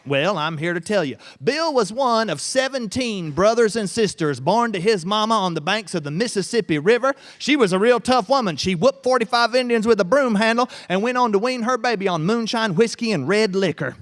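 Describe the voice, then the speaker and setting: A man's voice: sits high, lively intonation, fairly quick, few pauses. A man telling a tall tale in a folksy drawl to a family audience at a festival tent. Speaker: storyteller. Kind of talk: live storytelling to a family audience.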